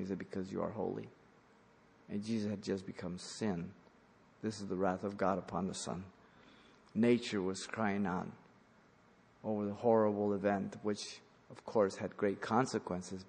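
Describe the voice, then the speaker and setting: A low, gravelly male voice delivering a verse-by-verse sermon in a church. He builds to emphatic, louder passages and then drops quiet again. A long hall reverb trails behind each phrase. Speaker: preacher. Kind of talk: expository sermon.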